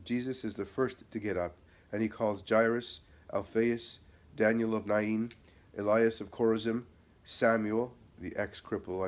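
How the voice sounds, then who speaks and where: A man reading a religious narrative aloud at a measured, steady pace. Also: on the low side. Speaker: reader.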